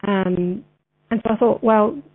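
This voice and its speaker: A woman standing in as radio show host, chatting with many ums and then reading a text slowly and deliberately. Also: mid-range voice. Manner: many ums and uhs, friendly, says "mate" and "wee". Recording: tinny phone-line sound.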